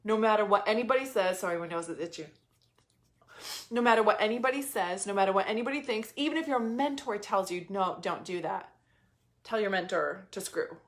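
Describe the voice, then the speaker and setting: A woman's voice: mid-range voice, animated, fast talker. A woman in her thirties giving a casual motivational talk as a business coach, emphatic, repeating phrases and swearing casually.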